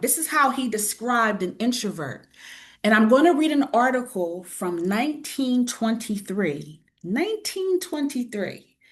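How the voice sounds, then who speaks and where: Brief: woman webinar host, medium pitch, unhurried measured delivery, calm teacher tone, video call mic. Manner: slow, calm, repeats phrases; enthusiastic teacher voice. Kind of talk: guided breathing and lecture.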